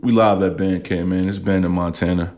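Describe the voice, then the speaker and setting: A man's voice: deep voice, steady tone, a little fast, a little mellow. A man hosting a casual podcast, talking bluntly and emotionally, swearing a lot and often saying "you know what I'm saying". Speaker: podcast host.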